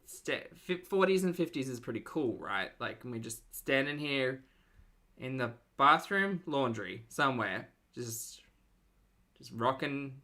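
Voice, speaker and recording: A woman's voice: very deep voice, animated, unhurried, sharp tone. A woman giving mocking reaction commentary and wry asides to her chat.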